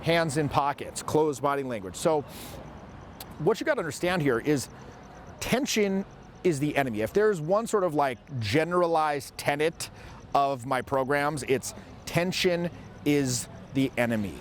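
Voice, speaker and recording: A man's voice: fairly high pitch, animated, unhurried, slight background noise. A man in his forties, a social skills coach, giving an emphatic instructional monologue and demonstrating vocal tones as he speaks.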